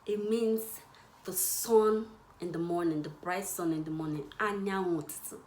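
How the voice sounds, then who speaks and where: A young woman teaching Igbo words in a casual, playful way, laughing often and repeating words slowly. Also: on the low side, steady tone, darkish tone, roomy sound, a little hiss or hum. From Nigeria, Igbo. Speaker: language teacher. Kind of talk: casual language lesson.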